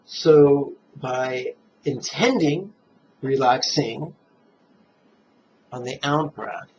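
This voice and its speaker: A man teaching meditation in a relaxed, playful dharma talk, chuckling at his own jokes and guiding listeners step by step through the breath. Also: a little high, vocal fry, a little hiss or hum. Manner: guides listeners slowly through breathing steps. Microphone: camera mic, self-filmed. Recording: dull, muffled camera audio.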